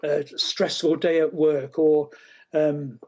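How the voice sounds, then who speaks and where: Halting man explaining at length. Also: fairly high pitch, level tone, darkish tone. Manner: halting, many fillers and restarts. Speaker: speech expert guest. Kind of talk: explanatory interview answers.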